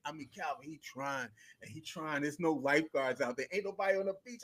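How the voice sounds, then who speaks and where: Laughing, animated man telling stories. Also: a little high, brisk, few pauses. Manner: animated storyteller, laughs a lot, slangy. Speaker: podcast co-host. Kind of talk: casual chat.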